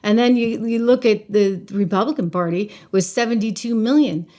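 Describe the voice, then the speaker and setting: A woman's voice: on the high side, moderate pace, mellow. A middle-aged woman hosting a political commentary show, talking straight to her viewers in an emphatic, conversational way. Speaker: show host.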